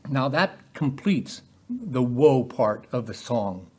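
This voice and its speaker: A man's voice: mid-range voice, sing-song, extremely slow, a little mellow, slightly rough. A man preaching a sermon in a conversational way, often putting rhetorical questions to his listeners.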